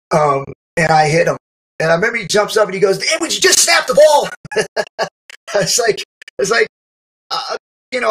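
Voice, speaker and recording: A middle-aged man casually recounting a memory, animated, acting out quotes and laughing often. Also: a little high, poor audio. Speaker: storyteller recalling youth football. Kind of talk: casual spoken memoir.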